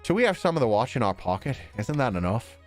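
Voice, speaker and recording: A man voicing a scheming male northern plotter in a put-on Irish accent, gruff and conspiratorial for a strategy game. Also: mid-range voice, very animated, fast talker, faint music behind, natural voice.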